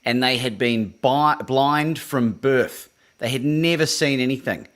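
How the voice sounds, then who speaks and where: A man's voice: mid-range voice, unhurried, fairly bright tone. A man co-hosting a talk show, asking a guest a question with some hesitation. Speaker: co-host. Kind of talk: casual interview chat.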